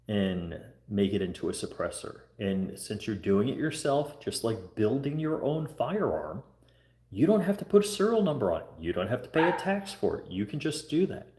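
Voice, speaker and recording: A man's voice: mid-range voice, sing-song, measured pace, mellow, reverberant. A man hosting a casual livestream, earnestly coaching viewers on what to say when they phone their lawmakers. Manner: earnest, repetitive urging, coaching viewers through scripted phone calls. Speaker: livestream host. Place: home room.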